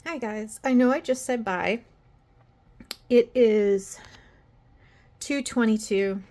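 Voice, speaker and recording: A woman's voice: fairly high pitch, slow pace, a little mellow. A woman records a casual video diary at home and addresses her viewers directly. She rambles and pokes fun at herself, and she sounds tired. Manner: rambling, self-deprecating, chatty with viewers. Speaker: vlogger.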